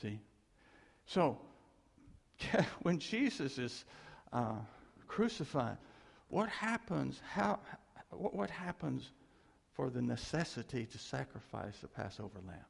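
A man preaching a sermon in an animated way, chuckling often and calling out to the congregation for a response. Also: mid-range voice, takes it slowly, creaky, long pauses, in a large hall.

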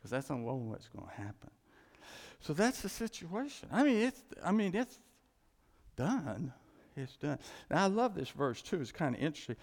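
A man preaching a sermon in a conversational, animated storytelling way. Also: a little high, normal speed. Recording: reverberant hall.

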